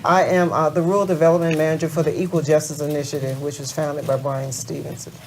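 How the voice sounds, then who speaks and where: Woman on a panel giving her intro, really deep voice, a bit hesitant, hissy recording. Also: little pitch movement, quick pace.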